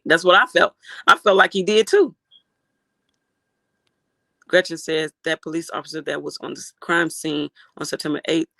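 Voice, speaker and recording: Livestream host, outraged reaction commentary, gravelly and sharp-toned, dry close sound. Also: medium pitch, no echo. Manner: animated, outraged, swears freely.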